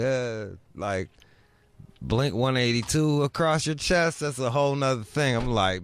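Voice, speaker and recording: In a dry recording with faint background music, a middle-aged man co-hosts a casual podcast. His mid-range voice is smooth, with lively intonation and a moderate pace. He's blunt, swears often and does voices when telling anecdotes.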